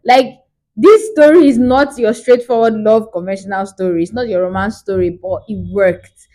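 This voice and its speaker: A woman, chatting through a casual movie review vlog in an animated, storytelling way. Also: fairly high pitch, normal speed.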